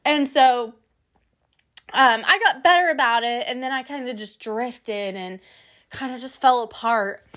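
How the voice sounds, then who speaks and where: A young woman giving a personal testimony, telling her story in an animated way and acting out the people she quotes. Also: fairly high pitch, a little slow.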